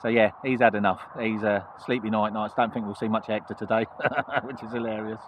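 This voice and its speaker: A man's voice: on the low side, fairly even intonation, a little fast, highs cut off, slight background noise. A man chatting casually and jokily to camera, recorded outdoors by a canal. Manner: jokey, playful banter. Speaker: vlogger, narrowboat dweller. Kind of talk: casual chat.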